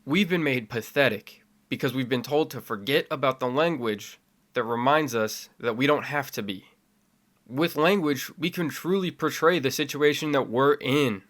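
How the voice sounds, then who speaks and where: A young man with a middle-pitched voice speaks straight to his camera in a self-made video essay. His delivery starts measured and builds into fiery, impassioned conviction. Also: a bit bright. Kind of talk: spoken opinion essay to camera.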